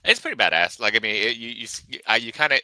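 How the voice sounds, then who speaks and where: A man appearing as a podcast guest, speaking casually and haltingly with many restarts. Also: mid-range voice, expressive, bright, forceful tone, no room sound, poor audio.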